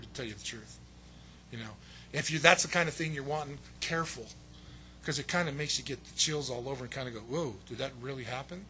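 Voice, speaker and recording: A man preaching a sermon as pastor, telling the story with lively acted-out quotes. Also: a little high, a little hiss or hum. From United States. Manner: animated storytelling, acts out quoted voices.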